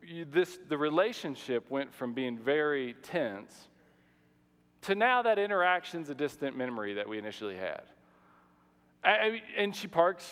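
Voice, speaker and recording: Fairly high-voiced pastor in an echoing hall. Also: male voice, clear, resonant tone. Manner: animated, conversational, many restarts and fillers. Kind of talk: sermon storytelling. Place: church sanctuary. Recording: long reverb of a large hall.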